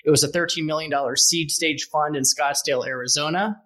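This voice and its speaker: Bright-voiced teasing male podcast host. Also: a little high, steady tone, a little fast. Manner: teasing, joking banter. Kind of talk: casual interview.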